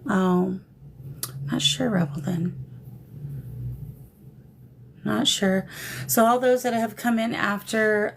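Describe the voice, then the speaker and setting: Over a phone camera, a woman with a creaky mid-range voice hosts a paranormal livestream in casual chat. She greets viewers with affectionate pet names while shamanic drumming plays in the background.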